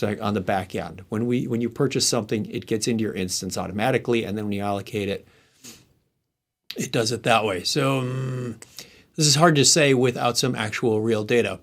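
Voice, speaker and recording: A man hosting a casual live tech stream, talking himself through each step and trailing off into muttered asides. He has the hiccups, and his pitch sits in the middle for a man. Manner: thinks aloud while typing, muttering asides. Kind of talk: casual screen-share tech walkthrough.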